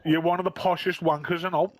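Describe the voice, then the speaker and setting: A man's voice: fairly high pitch, flat delivery, fast. A young man with a Scouse accent trash-talking over game voice chat, calling everyone lad. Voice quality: teasing, repeats 'lad' often. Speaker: gamer in voice chat.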